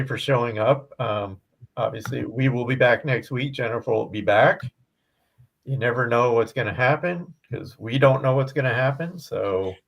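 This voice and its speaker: A man co-hosting a live-stream show, wrapping up casually in a relaxed, rambling way full of fillers like "you know". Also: medium pitch. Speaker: show co-host.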